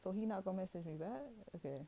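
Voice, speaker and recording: Young female tarot reader, deep-pitched, loose and rambling, direct to camera. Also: very fast, warm tone, a little hiss or hum. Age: young adult. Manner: chatty, rambling, addresses viewers as guys. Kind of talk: casual tarot reading to camera.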